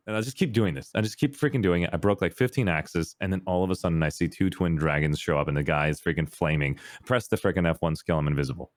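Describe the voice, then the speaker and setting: A man telling a gaming story in casual podcast chat, acting out voices with big jumps in pitch. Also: fast talker, dry recording. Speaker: podcast guest, streamer.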